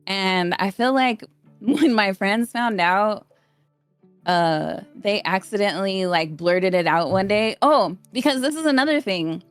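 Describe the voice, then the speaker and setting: A woman's voice: mid-range voice, a little slow, clear, resonant tone, dry recording, faint music behind. A woman in her thirties, a podcast guest rambling through stories in casual chat. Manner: chatty, rambling storyteller.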